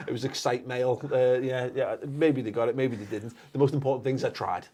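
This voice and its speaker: A man's voice: medium pitch, fairly even intonation, a little fast, warm tone. A man in casual panel banter who rants, swears and stumbles over his words.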